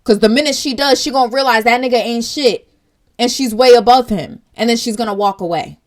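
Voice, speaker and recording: A woman's voice: a little high, brisk. A young woman, hosting her own vlog and speaking in an earnest, direct commentary style that turns tearful at times. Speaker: vlog host.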